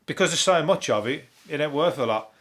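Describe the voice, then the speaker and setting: A man's voice: on the high side, expressive, fairly quick, a bit bright. An English man hosting a comedy podcast, chatting casually in a rambling way, swearing freely and chuckling often.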